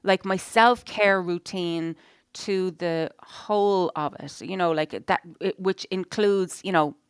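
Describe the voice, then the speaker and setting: A middle-aged woman co-hosting a podcast, talking in a loose, rambling way full of "you know"s and blunt swearing. Her voice is smooth and a little low, recorded close and dry. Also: takes it slowly, no echo. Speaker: podcast co-host. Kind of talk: casual chat.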